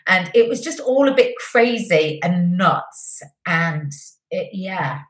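A middle-aged woman, a TV presenter as interview guest, telling stories warmly and effusively with many restarts. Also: fairly low pitch, animated, slow. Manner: warm, effusive storytelling with restarts. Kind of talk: conversational interview. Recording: roomy echoey sound.

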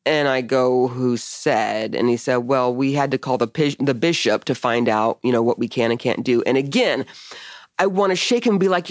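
A woman's voice: a bass voice, moderate pace, no echo, studio quality. A woman hosting a podcast, telling a personal story in casual conversation, candid and emotional, swearing often. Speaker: podcast host.

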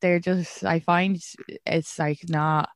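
A woman's voice: fairly low pitch, fairly even intonation, slow pace, no room sound, clean studio sound. A young Irish woman, a comedian hosting a podcast, telling stories in a chatty way and laughing often. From Ireland. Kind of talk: casual chat.

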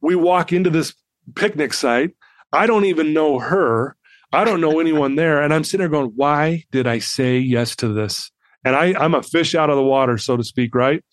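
A man in his fifties, a podcast guest telling a personal story in an animated way and acting out the people in it. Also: a little high, normal speed, dry recording.

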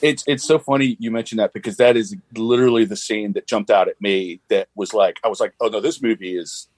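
A man guesting on a podcast, talking about a film with halting enthusiasm in casual chat. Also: lowish voice, fairly even intonation, darkish tone, dry recording. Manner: enthusiastic, halting, many restarts.

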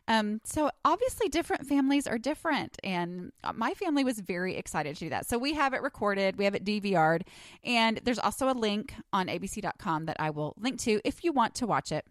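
A woman talks through her solo podcast in a loose, chatty way, wandering into asides and filling pauses with ums. Her voice sits at an ordinary middle pitch for a woman. It is recorded close and dry, with no room sound, while she sits at home under a blanket. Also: sing-song, no room sound. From Texas. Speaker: podcast host. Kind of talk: casual solo podcast chat.

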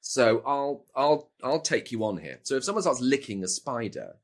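A man, a voice actor, answering interview questions and telling anecdotes with lively acted-out asides. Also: medium pitch, moderate pace, few pauses. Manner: animated storyteller, acts out quoted lines. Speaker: video game voice actor, guest.

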